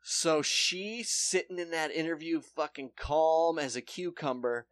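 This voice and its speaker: A young man co-hosting a casual podcast, retelling a story with lively acted-out quotes. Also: fairly high pitch, measured pace, no echo. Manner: animated storyteller acting out quotes. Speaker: podcast co-host. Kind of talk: casual chat, retelling a true crime show.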